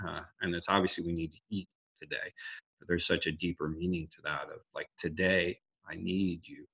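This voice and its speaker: A man's voice: sits low, steady tone, normal speed, vocal fry, pushed and bright, breathy edge. A man giving an earnest, reflective devotional talk on a group call, quoting scripture with frequent restarts. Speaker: guest speaker sharing a devotional.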